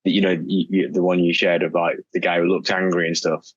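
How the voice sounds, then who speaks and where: A man with a very low, husky voice, talking reflectively in a casual coaching discussion and often seeking agreement with his co-host. The sound is dry and close, and slightly dull, as on an online call. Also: level tone, brisk, no room sound. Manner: reflective, seeks agreement with tag questions. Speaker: agile coach, podcast co-host.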